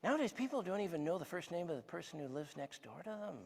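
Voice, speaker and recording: A man's voice: on the high side, big pitch swings, fast talker, creaky, a little mellow, big-room sound, slight background noise. A man in his sixties giving a conversational sermon as a guest speaker, telling stories and asking the audience questions. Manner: storytelling, asks the audience questions. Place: church hall.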